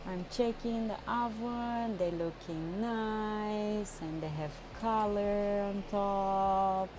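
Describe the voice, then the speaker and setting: A woman chatting with her viewers while she cooks in a home kitchen, excitable and talkative, with some non-native phrasing. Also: medium pitch, takes it slowly, noisy background. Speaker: cooking livestreamer. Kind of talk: casual live cooking chat. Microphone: phone.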